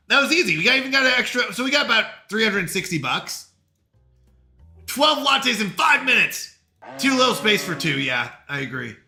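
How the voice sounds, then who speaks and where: A man's voice: high voice, bright, forceful tone. A man with a Canadian accent, chatting frantically to himself and his stream while playing a game. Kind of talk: live-stream gameplay chat.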